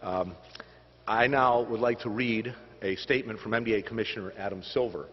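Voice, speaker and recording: A man making announcements at a press conference, speaking with many pauses and filler words. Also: lowish voice. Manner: halting, filler-heavy delivery. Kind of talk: public announcement speech. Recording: dull news feed with hall reverb.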